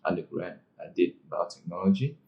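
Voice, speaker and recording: Low-voiced man in his thirties, from Malaysia. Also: animated, a little fast, mellow, muffled recording. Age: 30s. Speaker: podcast guest. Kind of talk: casual interview chat. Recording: roomy echo.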